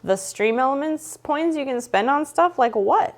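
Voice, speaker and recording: A woman's voice: high-pitched, lively intonation, normal speed. Woman streamer, casual playful chat with viewers, teasing tone. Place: home.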